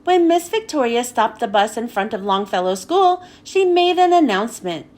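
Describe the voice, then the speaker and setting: A woman reading a children's book aloud in a high, lively voice. Her storytelling is animated and expressive, with her pitch moving constantly. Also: moderate pace.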